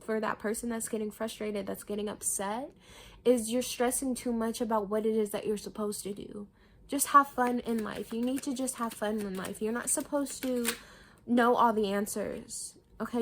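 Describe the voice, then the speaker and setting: A woman giving a casual tarot reading, talking straight to viewers, repeating herself and reassuring them, with the odd swear word. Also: on the high side. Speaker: tarot reader.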